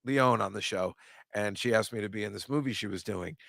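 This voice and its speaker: A man's voice: lowish voice, fairly quick, vocal fry, a bit bright, dry recording, studio quality. A man hosting a casual comedy chat, rambling and sarcastic, often incredulous.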